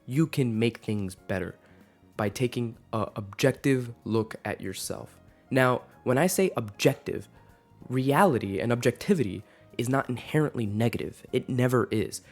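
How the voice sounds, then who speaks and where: A man's voice: mid-range voice, animated, moderate pace, soft background music. A man in his twenties ranting casually to camera, rambling with many fillers and restarts. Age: 20s. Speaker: vlogger.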